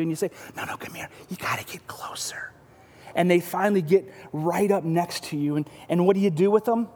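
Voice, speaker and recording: A man's voice: high voice, darkish tone, in a large hall. A man preaching a sermon as pastor, earnest and repeating words, sometimes dropping to a whisper for emphasis.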